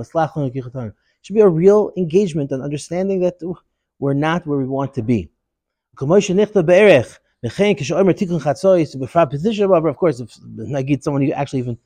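A man giving a Torah lesson, a digressive and animated storyteller. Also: a little high, no echo. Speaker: Torah teacher.

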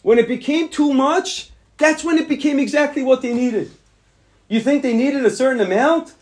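High-voiced rabbi preaching emphatically. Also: male voice, moderate pace. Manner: emphatic and repetitive, rising to insistent peaks; mixes Hebrew terms into English. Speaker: yeshiva rabbi. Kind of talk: Torah lecture to students.

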